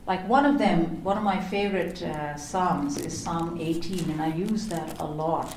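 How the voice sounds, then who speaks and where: A woman's voice: on the low side, slight background noise. Woman teaching in an echoey room. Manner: expressive storytelling, slows to read scripture. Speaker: prayer teacher. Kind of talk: devotional teaching.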